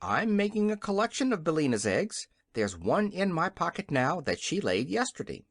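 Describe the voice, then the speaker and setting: An audiobook reader voicing a kind, gentle scarecrow who speaks mildly. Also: mid-range voice, very animated, normal speed, no echo, studio quality, voice pushed up.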